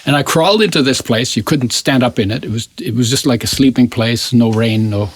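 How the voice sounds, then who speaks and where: A man in his eighties, an interview guest, telling a personal story in an animated way and often restarting his phrases. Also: mid-range voice, fairly quick, no echo. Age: 80s.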